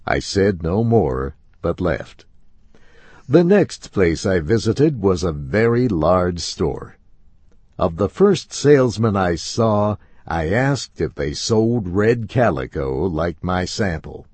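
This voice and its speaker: Male narrator, low breathy voice, very animated pitch, unhurried storybook reading. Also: no echo. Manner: slow, expressive first-person narration.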